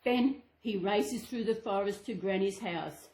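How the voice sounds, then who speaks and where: A woman's voice: mid-range voice, measured pace, darkish tone. A woman channel host reading a children's storybook aloud to her dolls, sing-song with chatty asides. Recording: echoey room.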